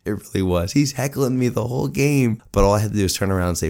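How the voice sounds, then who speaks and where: A man in his forties hosting a solo podcast, telling a story in an animated, self-mocking way. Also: fairly low pitch, brisk, creaky. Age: 40s. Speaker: podcast host.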